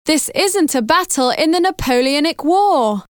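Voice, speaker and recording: A woman doing a high nervous little girl. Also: expressive, a little slow, dry recording, studio quality. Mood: earnest. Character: young girl, nervous but sensible.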